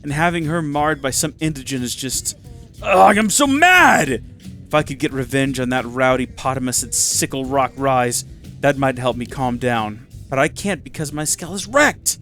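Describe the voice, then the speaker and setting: A man's voice: mid-range voice, normal speed, fairly bright tone, faint music behind, voice pushed down, natural voice. A man playing a hotheaded vain young guy. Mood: angry, ranting. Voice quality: ranting, exasperated.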